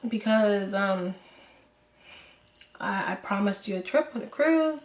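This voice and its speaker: A woman's voice: medium pitch, lively intonation. Emotional young woman vlogger, roomy and distant. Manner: emotional, halting, with many fillers. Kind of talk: personal storytelling to camera.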